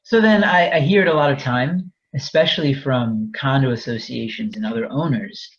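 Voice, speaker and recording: A man's voice: mid-range voice, normal speed, husky, dull audio. A man presenting a fair housing webinar, explaining in a candid, conversational way with frequent restarts. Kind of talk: webinar lecture.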